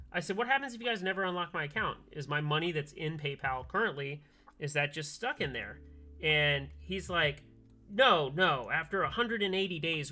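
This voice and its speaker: A man streaming from his workbench, telling a long story in animated casual chat and acting out both sides of a phone call. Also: fairly high pitch. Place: home workbench, soldering keyboards.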